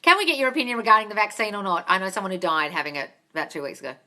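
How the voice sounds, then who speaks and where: Bright, chatty Australian woman. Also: medium pitch, rapid-fire. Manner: chatty, calls viewers darling, swears casually. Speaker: manifestation coach host. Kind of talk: live-stream Q&A, reading comments.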